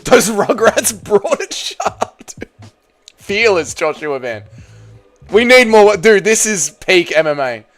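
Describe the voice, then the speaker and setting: A man hosting a live fight watch-along stream, commentating excitably and with heavy swearing, yelling at the big moments and then talking drained and emotional. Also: high voice, takes it slowly. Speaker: livestream host.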